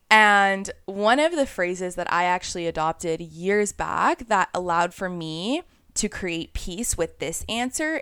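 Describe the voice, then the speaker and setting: A woman's voice: on the low side, vocal fry, clear, resonant tone, no room sound, clean studio sound. A young woman hosting a spiritual podcast, talking in an earnest, conversational way and acting out inner voices. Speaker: podcast host.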